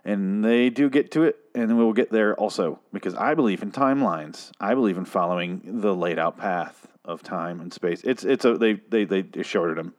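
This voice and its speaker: A male podcast host rants through a casual review, sarcastic and exasperated, swearing freely. His voice sits a little low. He sounds like a young adult. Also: normal speed, few pauses.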